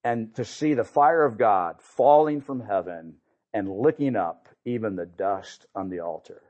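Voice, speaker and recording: A man's voice: lowish voice, a little slow, a little mellow, highs cut off. A man preaching a sermon, conversational, often repeating and restarting words.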